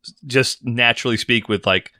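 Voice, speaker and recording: A man's voice: mid-range voice, normal speed, sharp tone. A man from the US Pacific Northwest co-hosting a podcast in casual chat, teasing dryly and explaining things at length. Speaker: podcast co-host.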